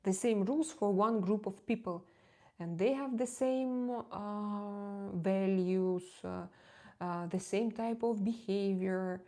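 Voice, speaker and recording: A woman's voice: mid-range voice, takes it slowly, warm tone. A woman tarot reader chatting casually on her live stream, candid and confiding, often hesitating and repeating words as she searches for them. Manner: candid and confiding, laughs easily.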